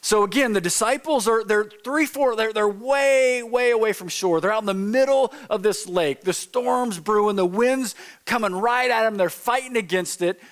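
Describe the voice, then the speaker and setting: A man's voice: sits high, normal speed, few pauses. A male pastor preaching a conversational sermon in a church, telling a story informally and acting out the quotes. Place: church sanctuary.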